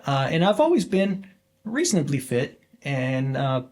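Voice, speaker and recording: A man in his forties telling a personal story as a podcast guest, halting and rambling with many fillers and restarts. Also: on the high side, big pitch swings, darkish tone. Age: 40s. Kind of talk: casual storytelling interview.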